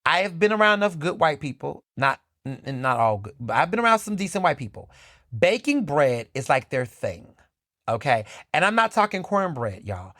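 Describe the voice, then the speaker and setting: A man hosting his own podcast, talking in a casual, sassy and animated way and speaking straight to his listeners. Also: a little high, moderate pace, dry recording, clean studio sound. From Philadelphia, USA. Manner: animated, sassy, conversational, addresses listeners as "y'all". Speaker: podcast host. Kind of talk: casual solo commentary.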